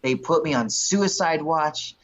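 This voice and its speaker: A man in his thirties, a guest in an interview, telling stories in an animated way and acting out what others said. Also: a little high, unhurried. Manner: animated storyteller who acts out quotes. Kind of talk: storytelling in an interview. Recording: dull lo-fi recording.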